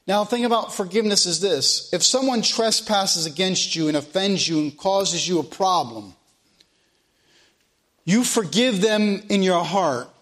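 A man's voice: high voice, a bit bright. A man preaching a sermon, folksy and repeating phrases for emphasis.

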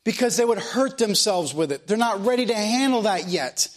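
A man's voice: high voice, lively intonation, normal speed. A man preaching a sermon as pastor of a church, in plain country speech, asking the room question after question.

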